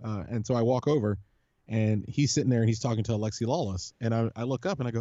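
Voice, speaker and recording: A man with a mellow, dark voice chats on a podcast, rambling through fan stories with many restarts and plenty of swearing. The sound is dry and a little muffled, with no room echo. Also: medium pitch, fast. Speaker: podcast co-host, supporters' group leader. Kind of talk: casual podcast chat.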